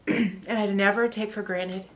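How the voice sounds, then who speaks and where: Reading a letter aloud, this woman speaks slowly at a medium pitch with fairly even intonation. She's an author unwrapping reader gifts on video, gushing with emotion, laughing and getting choked up.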